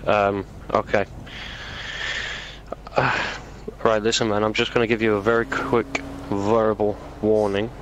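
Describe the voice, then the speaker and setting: A British man playing a police officer in a game role-play, relaxed and informal with hesitant fillers. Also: fairly low pitch, measured pace, pauses often, highs cut off, slight background noise. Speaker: player acting as a police officer.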